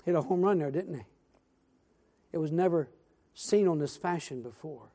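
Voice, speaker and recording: A man preaching a church sermon, telling a story in a folksy, animated way with repeated words and restarts, then closing with earnest pleas. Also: on the high side, moderate pace. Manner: earnest, appealing pleas asking amen. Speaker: pastor. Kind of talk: sermon with storytelling and altar call. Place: church sanctuary.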